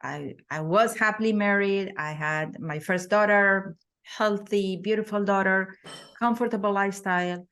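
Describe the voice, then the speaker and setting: A woman's voice: mid-range voice, normal speed, a bit bright. A middle-aged woman sharing her personal story as a podcast guest, thoughtful, with frequent fillers and restarts.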